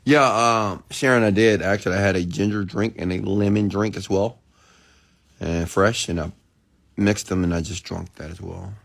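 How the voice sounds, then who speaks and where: Host type: low gravelly man, rambling and excitable livestream chat, answers viewer comments, recovering from food poisoning. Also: moderate pace. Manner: rambling, excitable, lots of restarts. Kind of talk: casual late-night livestream chat.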